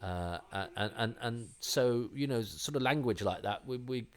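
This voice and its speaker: A man's voice: medium pitch, measured pace. A middle-aged man hosting a podcast, talking in a rambling, enthusiastic way with many restarts. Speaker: podcast host. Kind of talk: casual conversational commentary.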